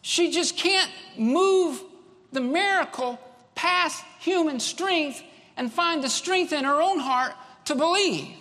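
A man preaching a fervent sermon, repeating lines for emphasis and rising to shouts. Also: very high voice, slow pace, big-room sound.

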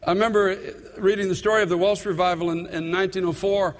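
High-voiced preacher in an echoing hall. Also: male voice, fairly even intonation. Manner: earnest, repeats words, slows for emphasis. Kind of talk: sermon.

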